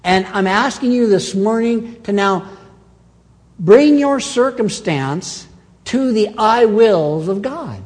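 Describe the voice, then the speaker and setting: Animated preaching man in a reverberant hall. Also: sits high, takes it slowly. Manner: animated preaching with dramatic swings in loudness and pace. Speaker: pastor. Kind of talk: sermon.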